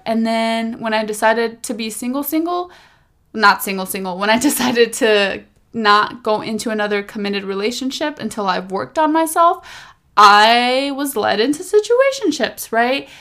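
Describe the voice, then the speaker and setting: A woman's voice: a little high, a bit bright. Chatty young woman podcaster. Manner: chatty and rambling, repeats words for emphasis; candid, self-reflective, faith-centered. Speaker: podcast host. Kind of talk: casual solo podcast talk.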